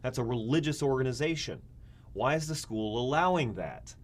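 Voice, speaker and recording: A man's voice: mid-range voice, expressive, moderate pace. A man teaching a college government class, talking casually, asking his students rhetorical questions and acting out little scenes. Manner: conversational, asks rhetorical questions, acts out scenarios. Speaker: community college government instructor. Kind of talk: recorded classroom lecture.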